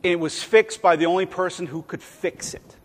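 A man's voice: high-pitched, normal speed. A man preaching a sermon in a conversational way, acting out quoted voices now and then. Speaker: pastor. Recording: long hall reverb.

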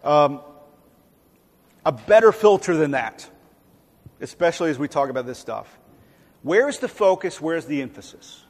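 A man's voice: fairly high pitch, expressive, unhurried, long pauses. A man preaching a sermon in a conversational way, acting out quoted voices now and then. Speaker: pastor. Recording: long hall reverb.

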